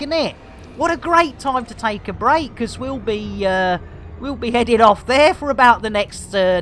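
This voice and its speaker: A woman's voice: medium pitch, a bit bright, slight background noise. A woman hosting a live game stream, rambling in a jokey, self-mocking and theatrical way.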